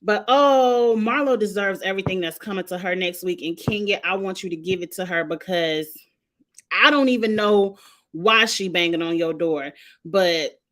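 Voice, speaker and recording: A woman's voice: lowish voice, moderate pace. Sassy woman ranting about a show. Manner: animated, sassy, exasperated commentary. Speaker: reality TV reviewer. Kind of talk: casual recap rant.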